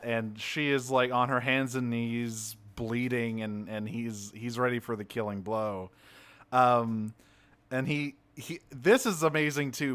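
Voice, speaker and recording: A man co-hosting a podcast, chatting casually about a cartoon episode and acting out the characters' lines. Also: medium pitch. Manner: animated, acts out character lines. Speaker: podcast co-host. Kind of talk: casual chat recapping a cartoon.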